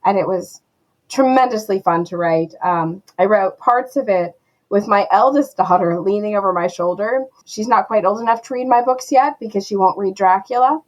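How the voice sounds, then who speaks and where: Interview guest: a lively, self-deprecating woman with a mid-range voice. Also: medium pitch, normal speed, muffled recording. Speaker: guest author. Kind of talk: casual interview chat.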